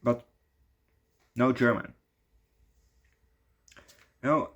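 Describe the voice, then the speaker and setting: A young Dutchman with a Dutch accent rants casually through a movie review, rambling, swearing heavily, and saying "yo" a lot. His medium-pitched, fairly bright voice is steady and extremely slow, and the recording has its highs cut off.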